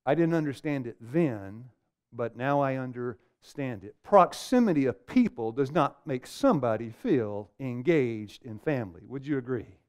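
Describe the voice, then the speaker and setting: A man's voice: medium pitch, animated, moderate pace, darkish tone, clear, resonant tone. A middle-aged man preaching a seminar sermon to a live audience, firing questions at them and calling for amens. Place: meeting room with a live audience.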